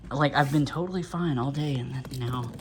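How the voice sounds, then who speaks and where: His voice is on the high side as he talks through an at-home unboxing at a normal pace. Slightly winded, the vlogger rambles, chuckling softly and using many fillers, over light background noise.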